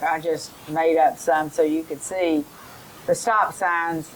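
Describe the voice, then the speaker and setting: A middle-aged woman giving a teacher training lesson, explaining in a slow, careful way and modelling rhyming drills for children. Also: sits low, slight background noise, poor audio.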